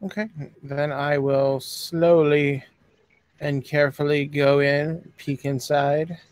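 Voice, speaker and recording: Brief: mid-pitched player, hesitant and self-correcting, dry close headset sound. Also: flat delivery, slow pace, darkish tone, dry recording. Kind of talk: casual tabletop chat. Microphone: headphones with mic.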